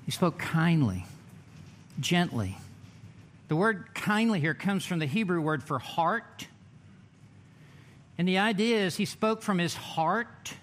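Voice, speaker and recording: A man preaching a sermon in a church, emphatic, with dramatic pauses and drawn-out words. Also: high-pitched, lively intonation, a bit bright. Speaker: pastor.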